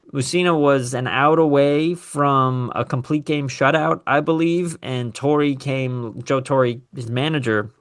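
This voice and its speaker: A man hosting a casual sports talk show, animated and opinionated, with sarcastic asides. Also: medium pitch. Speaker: podcast host.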